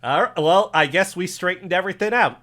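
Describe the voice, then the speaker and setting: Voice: mid-range voice, fairly quick, fairly bright tone, close to an everyday voice. A podcaster improvising a rambling, defensive small-town male cop with a Texas accent. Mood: flustered. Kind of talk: improv comedy sketch.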